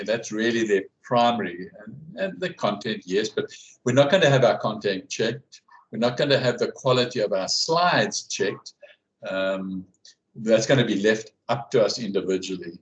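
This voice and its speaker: A man with a fairly low voice talks casually over a video call. He speaks haltingly, stacking fillers and restarting his sentences as he thinks aloud. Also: poor audio. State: hiccuping. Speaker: class guide and researcher. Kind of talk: casual conversation.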